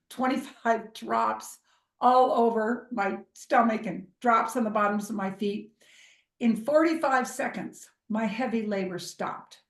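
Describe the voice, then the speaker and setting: A middle-aged woman telling a personal story in an expressive way, acting out the voices of the people in it. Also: fairly high pitch, reverberant. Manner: expressive, acts out quoted voices. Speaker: speaker sharing a personal story.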